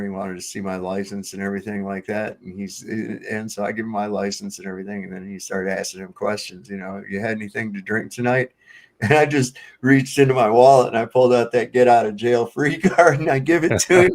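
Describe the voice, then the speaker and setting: A man from Virginia hosting a livestream, telling casual stories with lots of swearing and laughter. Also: mid-range voice. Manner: profane storyteller, laughs often. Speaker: livestream host. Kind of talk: casual chat. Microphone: home streaming setup.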